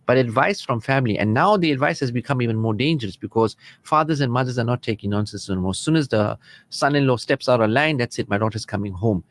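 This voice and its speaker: A man's voice: medium pitch, animated, fast. An earnest man counsels listeners on marriage over the radio. He talks in an easy, conversational way from a studio and slips readily into the voices of quarreling spouses. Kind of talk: radio advice talk.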